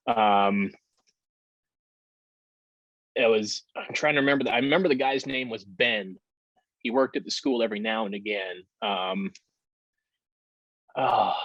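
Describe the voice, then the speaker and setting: A man telling his story candidly in a casual interview, with halting fillers and the odd curse. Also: lowish voice, a bit bright, no room sound. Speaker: podcast guest. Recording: dull lo-fi sound.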